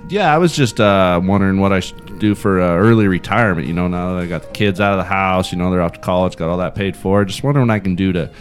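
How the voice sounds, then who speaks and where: A man's voice: sits low, quick pace, hardly any pauses, faint music behind, pitched below the performer's own voice, natural voice. A man improvising a middle-aged father asking for early retirement advice, hesitant and plain-spoken. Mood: earnest. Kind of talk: improvised comedy sketch.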